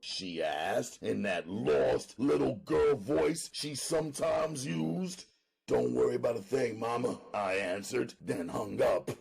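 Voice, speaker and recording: A man narrating an audiobook dramatically, loud and emphatic, often near shouting. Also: a little high, vocal fry, slightly rough.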